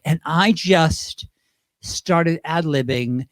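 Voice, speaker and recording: A man chatting as a guest on a talk show, animated and chatty, with lots of restarts and asides. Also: a little high, normal speed, dry recording, studio quality. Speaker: guest, drag performer. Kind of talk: casual interview chat.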